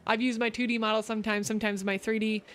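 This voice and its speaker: A woman's voice: fairly high pitch, flat delivery, fast, fairly bright tone. A woman hosting a casual creator talk stream, reading viewer questions and giving encouraging advice. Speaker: host. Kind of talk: casual chat.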